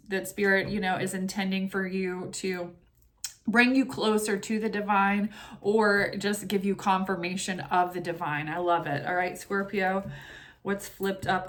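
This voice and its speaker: A woman's voice: medium pitch, a little hiss or hum. Woman tarot reader, chatty and casual, recites protective prayers. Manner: chatty, with many asides like "you know" and "right?". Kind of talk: casual chat and tarot reading.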